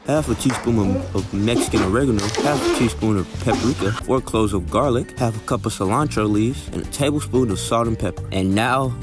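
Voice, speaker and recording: Brief: young male cooking narrator, joking and mock-accented, low-pitched, music playing underneath. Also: brisk, hardly any pauses. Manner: joking, mock-accented, sprinkled with Spanish words. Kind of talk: comedic cooking voice-over. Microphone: voice-over.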